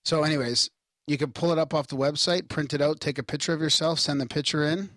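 A man's voice: fairly high pitch, steady tone, fast, a bit bright, no echo, studio quality. A man co-hosting a podcast in casual chat, laid-back and rambling with many restarts. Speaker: podcast co-host.

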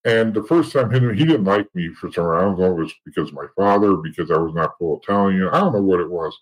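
A middle-aged man telling rough stories in a blunt, profane way, rambling with frequent restarts. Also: low-pitched, animated, fast talker, low-quality recording. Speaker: guest. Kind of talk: casual storytelling.

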